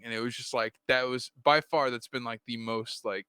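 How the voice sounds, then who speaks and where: A bright-voiced man chats casually on a comics podcast, storytelling with animated energy and jumping up in pitch for quotes. The sound is dry and close. He talks loosely, with fillers and restarts. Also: moderate pace, clear, resonant tone, dry recording. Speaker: podcast co-host, comic writer. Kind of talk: casual chat.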